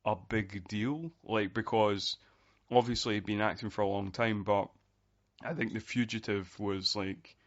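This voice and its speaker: Rambling low-voiced male podcast guest. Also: steady tone, unhurried. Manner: rambling, full of fillers. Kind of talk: casual podcast chat. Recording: dull, lo-fi sound.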